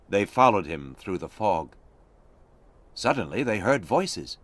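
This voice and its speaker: Slow, expressive male storyteller. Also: sits low, no echo. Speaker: narrator. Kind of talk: slow graded-reader story narration.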